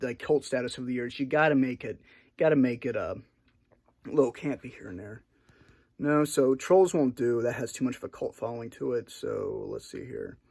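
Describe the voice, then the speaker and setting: Gravelly-voiced man, hesitant rambling monologue. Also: medium pitch. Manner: hesitant and rambling, many restarts; self-conscious, apologetic about awkwardness. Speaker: video creator. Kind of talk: unscripted solo monologue.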